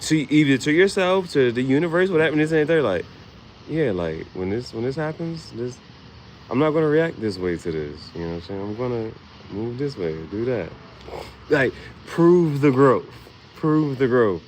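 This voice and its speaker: Lively, laughing man riffing casually. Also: medium pitch, moderate pace, slight background noise. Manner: animated, laughing, swearing, slangy storytelling. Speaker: vlogger. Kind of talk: casual comedic monologue.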